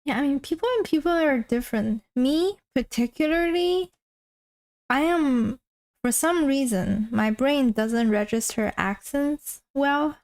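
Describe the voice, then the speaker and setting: A woman's voice: high voice, unhurried, a little mellow, poor audio. A woman streamer chatting casually while drawing, rambling and self-deprecating, often trailing off mid-sentence. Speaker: art streamer.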